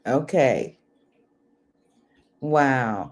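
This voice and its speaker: Older woman, home livestream host; unhurried delivery with lively pitch swings. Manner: chatty, animated, laughs often; talks softly at times. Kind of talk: casual chat with viewers. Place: home, indoors. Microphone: computer microphone.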